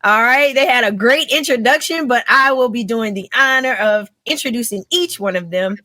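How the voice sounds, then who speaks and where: A woman's voice: on the high side, moderate pace, bright, forceful tone, dry recording, clean studio sound. A young adult woman hosting a casual live podcast, upbeat and teasing, laughing often. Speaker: podcast host.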